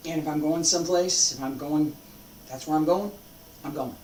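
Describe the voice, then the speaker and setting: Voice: mid-range voice, moderate pace, darkish tone, echoey room, recorded from a distance, a little hiss or hum, rough recording. A martial arts instructor giving an unscripted teaching talk, emphatic and determined, repeating phrases for force.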